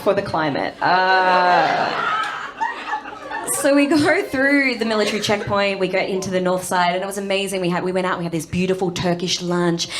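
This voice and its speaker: An Australian woman in her thirties doing stand-up, telling a bawdy story in a brash, conversational way with constant tag questions. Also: lowish voice. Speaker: stand-up comedian. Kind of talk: stand-up comedy. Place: comedy stage before an audience.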